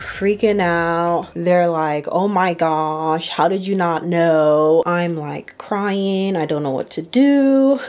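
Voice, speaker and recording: A young woman from Ohio telling an animated story while getting ready, acting out what other people said. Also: mid-range voice. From Ohio, USA. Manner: animated storytelling, acts out quoted voices. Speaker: makeup artist vlogger.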